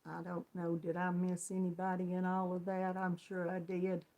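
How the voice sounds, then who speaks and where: A woman's voice: fairly low pitch, completely flat delivery, moderate pace, darkish tone, highs cut off. A woman with a Southern US accent hosting a casual live crochet chat, greeting viewers by name and laughing often. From Georgia, US. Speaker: crochet channel host.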